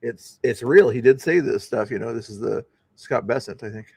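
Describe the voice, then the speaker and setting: A man's voice: medium pitch, moderate pace, gravelly, slightly rough, no room sound. Man, stream host, casual news commentary, rambling, fillers, dry close sound. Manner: rambling, lots of fillers and restarts.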